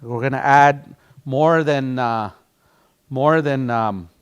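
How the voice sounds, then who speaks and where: A man's voice: mid-range voice, takes it slowly, smooth. A man teaching a language class, patiently repeating words and breaking them into syllables for his students.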